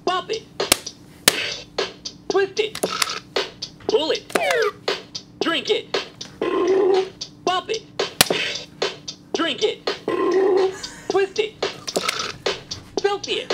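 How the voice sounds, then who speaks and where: A woman's voice: very high voice, sing-song, very slow, long pauses, over loud music, exaggerated voice. A woman voicing a peppy electronic toy announcer who barks out clipped, chirpy commands. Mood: commanding.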